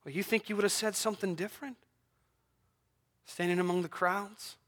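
A man preaching a sermon, swinging between hushed near-whispers and loud, emphatic declarations. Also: high voice, fairly even intonation, normal speed.

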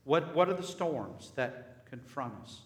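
A man's voice: on the high side, lively intonation, unhurried. A man preaching a sermon in a church, emphatic and full of rhetorical questions and repeated phrases. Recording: echoey hall with long reverb.

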